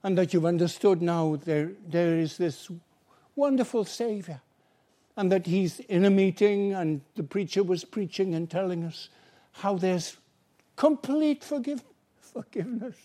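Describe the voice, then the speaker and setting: Slow, warm-toned preacher man. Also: high-pitched. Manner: earnest, pleading, acts out little dialogues. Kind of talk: evangelistic sermon.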